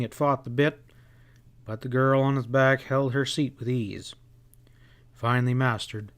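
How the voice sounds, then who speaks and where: A man reading a western novel aloud as an audiobook narrator, in steady storytelling. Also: mid-range voice.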